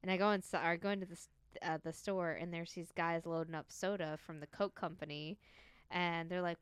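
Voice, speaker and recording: Giggly rambling woman, smooth voice. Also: lowish voice, steady tone, brisk, no echo. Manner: rambling, giggly storyteller with many restarts. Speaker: podcast co-host. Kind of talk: casual chat.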